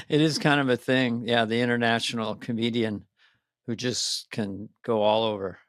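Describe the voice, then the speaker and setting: An older man co-hosting a podcast in casual chat, rambling and animated, often slipping into little voices. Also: medium pitch, normal speed, no room sound, clean studio sound. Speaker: podcast co-host.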